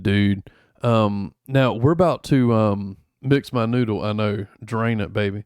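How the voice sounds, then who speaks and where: A man's voice: fairly low pitch, a little slow, darkish tone, smooth, dry recording, clean studio sound. A man streaming in a rambling, laid-back chat full of fillers, going over his travel photos. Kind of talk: casual chat.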